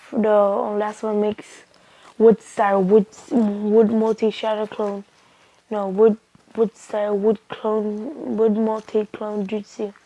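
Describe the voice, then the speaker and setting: A woman's voice: a little high, warm tone, rough recording. A woman casually retelling an invented anime fan story, rambling along with frequent restarts and "he's like" asides.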